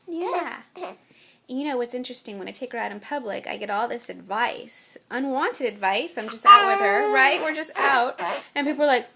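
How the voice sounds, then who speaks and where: Young mom vlogging, chatty and exasperated, kinda high voice. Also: female voice, expressive, moderate pace, sharp tone, husky. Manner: chatty, exasperated storytelling with mock-quoted voices. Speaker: mother vlogging. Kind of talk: casual chat to camera.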